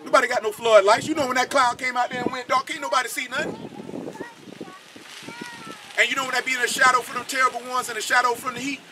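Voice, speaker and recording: A man's voice: very high voice, steady tone, quick pace, long pauses, crowd noise. A man teaching scripture in an informal, blunt, slangy way, firing off rhetorical questions. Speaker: Bible teacher.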